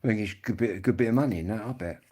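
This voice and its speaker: A man's voice: on the low side, very fast, dark tone, breathy edge. A man, rambling and swearing freely as he chats casually to viewers on a live stream. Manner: rambling, swearing, blokey storytelling.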